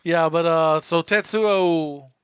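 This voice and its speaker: A man's voice: a little high, slow, a bit bright, smooth, no echo, studio quality. A man co-hosting a movie podcast, recapping scenes in slangy, profane casual chat and reading a plot summary. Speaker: podcast co-host.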